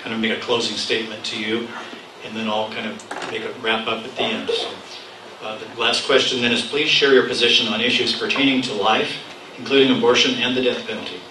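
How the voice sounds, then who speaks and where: A man's voice: lowish voice, steady tone, fairly quick. A man moderating a public debate, announcing questions plainly. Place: public hall. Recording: echoey room from far off, clear noise.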